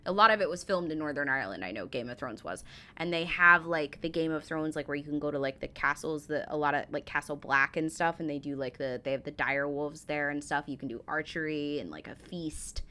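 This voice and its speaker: A woman's voice: sits low, brisk, sharp tone. A young American woman gushing and rambling with lots of fillers while reacting to a travel video. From United States. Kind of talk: casual reaction commentary.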